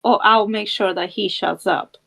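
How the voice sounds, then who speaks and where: A woman playing a hostile companion who threatens to eat people, speaking loudly and threateningly. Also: mid-range voice, steady tone, moderate pace, gravelly. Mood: menacing. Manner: loud, threatening.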